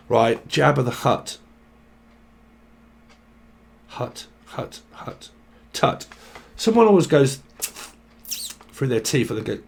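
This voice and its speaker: A man with a creaky, mid-range voice gives a rambling, casual tarot reading. He swears and hops from one word association to the next.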